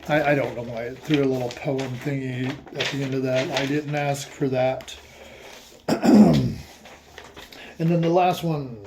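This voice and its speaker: A man's voice: mid-range voice, fairly even intonation, unhurried, background noise. A man musing aloud in a casual monologue, reading passages aloud and commenting on them in a rambling way. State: emotional, eyes watering. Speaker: host reading aloud and reacting.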